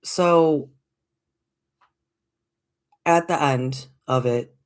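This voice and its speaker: A woman in her forties tells a story in a relaxed, easygoing way. She talks slowly and acts out the voices of the people in her story. She laughs often as she goes. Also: low-pitched. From United States. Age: 40s. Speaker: livestream host. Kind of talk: casual storytelling.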